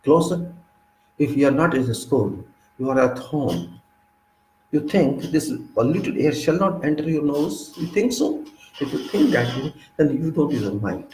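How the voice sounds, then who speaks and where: A man with an Indian English accent delivering a preachy lecturing monologue, full of rhetorical questions and sudden emphatic jumps in pitch. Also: animated, measured pace, darkish tone, roomy sound, slight background noise, low-quality recording. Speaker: speaker of a commentary channel.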